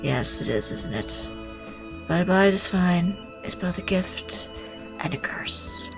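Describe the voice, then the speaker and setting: A woman voicing a mopey, soft-spoken male demon who speaks sadly, slowly and quietly. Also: fairly low pitch, lively intonation, music in the background. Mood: gloomy. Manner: sad, slow and quiet.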